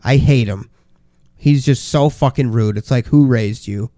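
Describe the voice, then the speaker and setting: A man's voice: medium pitch, unhurried, mellow, no room sound, clean studio sound. A man co-hosting a podcast, talking in a crude, profane, boisterous casual way. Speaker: podcast co-host. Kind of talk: casual chat.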